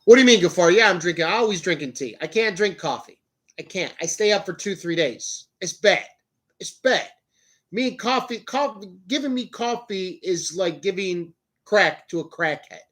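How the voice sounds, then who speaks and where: High-energy swearing male podcast host. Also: animated, normal speed, a bit bright. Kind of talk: motivational casual talk. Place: indoors, talking to camera.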